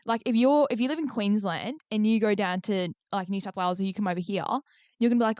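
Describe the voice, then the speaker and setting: A woman's voice: medium pitch, quick pace, a little mellow, no echo, lo-fi sound. A young Australian woman co-hosting a podcast, rambling and swearing casually as she chats with her friend. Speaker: podcast co-host. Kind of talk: casual chat.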